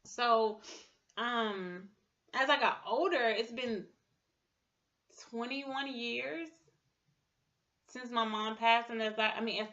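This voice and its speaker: Woman in her thirties, emotional personal testimony, bright forward tone, dull lo-fi recording. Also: fairly high pitch. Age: 30s. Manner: halting, heavy with fillers and restarts. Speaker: speaker sharing a personal testimony.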